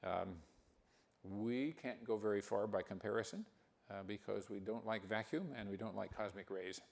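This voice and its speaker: An older man giving a conference talk, speaking haltingly with many fillers and restarts. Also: lowish voice, steady tone, vocal fry, darkish tone. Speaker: keynote speaker.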